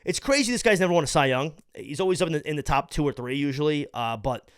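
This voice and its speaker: A man's voice: fairly high pitch, quick pace, clear, resonant tone, dry recording, clean studio sound. Ranting, profane male sports podcast host. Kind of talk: opinionated sports talk.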